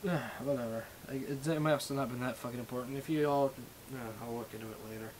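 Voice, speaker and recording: Medium-pitched and a little mellow, this man's voice races along with hardly a pause, captured roughly on a webcam mic with some hiss or hum. He's a Minecraft server staff streamer ranting casually, profane and rambling, putting himself down, with an impediment on sh and ch.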